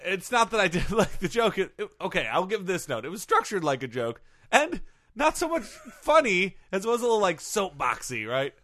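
A man hosting a comedic podcast, chatting and running a mock interview with dry, quick replies as he steers the conversation. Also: high-pitched, sing-song, bright, forceful tone, dry recording. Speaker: podcast host.

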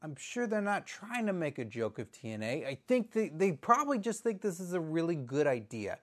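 Brief: nervous male host, stammers and placates, pitch jumping all over. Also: very animated, normal speed. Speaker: show host. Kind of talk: comedy sketch interview.

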